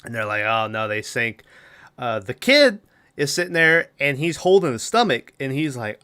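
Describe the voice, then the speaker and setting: A man's voice: medium pitch, lively intonation, normal speed, pushed and bright, clean tone. A man co-hosting a podcast, casually recapping a film's plot in a rambling way, laughing often and acting out lines. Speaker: podcast co-host.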